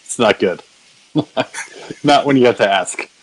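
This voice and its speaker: A man's voice: mid-range voice, slow pace, breathy edge, no room sound, poor audio. A man hosting a casual podcast recap, swearing often and mocking himself as he rambles with restarts. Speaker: podcast host.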